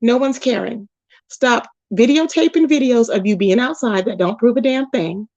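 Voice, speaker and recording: A woman with a fairly high voice rants in blunt commentary, scolding and repeating herself. She stretches key words slowly for emphasis. The audio is dull and lo-fi. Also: darkish tone, no room sound. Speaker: commentary channel host. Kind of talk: ranting commentary.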